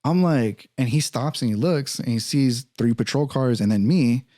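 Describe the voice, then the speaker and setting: A man's voice: medium pitch, normal speed, no room sound, clean studio sound. A man hosting a podcast, telling a story in casual, profane talk and acting out what others said. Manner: profane, animated, acts out quoted voices. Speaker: podcast host.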